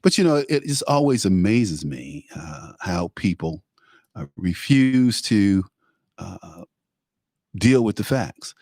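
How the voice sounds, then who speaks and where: A man's voice: on the low side, expressive, slow pace, a little mellow, dry recording, studio quality. A man hosting a live talk show, delivering an opinionated, rambling monologue full of fillers and restarts.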